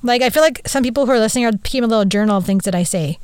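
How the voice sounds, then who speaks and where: Woman, podcast host, rambling and sweary, smooth higher voice, dry close sound. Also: very fast, darkish tone, no room sound. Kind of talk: casual monologue. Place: small closet.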